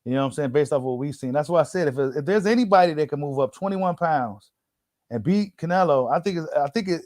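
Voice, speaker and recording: Reading an article aloud for his viewers, this boxing channel host keeps his commentary casual, slangy, and filler-heavy, often repeating himself. His voice is a little high, and the studio recording is clean and dry.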